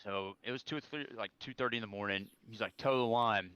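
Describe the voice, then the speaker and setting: A man's voice: lowish voice, fast talker, pushed and bright, clear, resonant tone, no echo. A young man, a serving soldier, rambling through a story as a podcast guest, full of restarts and acted-out quotes. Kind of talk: casual storytelling over beers.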